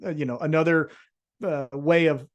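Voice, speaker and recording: A man's voice: fairly high pitch, normal speed, muffled recording. A man co-hosting a wrestling podcast, recapping a show in casual, profane chat and acting out what the wrestlers said. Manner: profane, animated storyteller acting out quotes. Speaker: podcast co-host.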